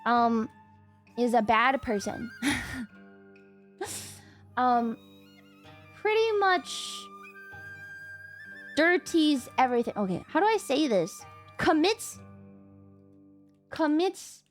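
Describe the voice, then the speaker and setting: Excitable high-voiced woman streamer. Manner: excitable, swears, laughs often, yells at chat. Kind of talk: casual chat with chat.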